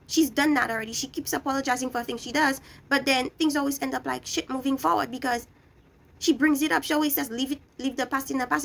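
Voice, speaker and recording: High, gravelly woman ranting a show review. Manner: blunt, scolding, talks straight at the people she criticizes. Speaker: reality TV recap vlogger.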